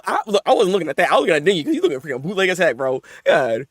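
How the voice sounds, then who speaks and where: A man hosting a live manga reaction, talking in casual slang, often laughing and swinging between mumbled asides and loud excited outbursts. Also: fairly high pitch, very fast, few pauses, husky, no room sound, clean studio sound.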